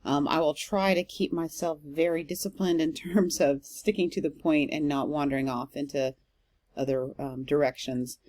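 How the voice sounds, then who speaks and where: A woman's voice: sits low, fairly even intonation, moderate pace, a little mellow. A woman professor giving a recorded literature lecture, explaining step by step with frequent "um" fillers.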